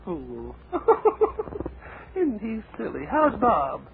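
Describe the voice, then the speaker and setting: A man voicing a fussy, giggling older lady in a shrill falsetto, with a coy, scolding manner, heard on an old lo-fi radio recording with hiss. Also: sing-song, unhurried, creaky, exaggerated voice.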